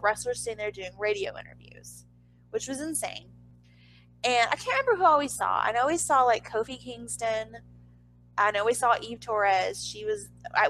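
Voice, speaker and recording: Chatty woman telling a story, slightly high voice. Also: a bit bright, a little hiss or hum, low-quality recording. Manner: chatty, lots of "like", swears casually; acts out others' lines in a higher voice. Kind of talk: casual personal anecdote.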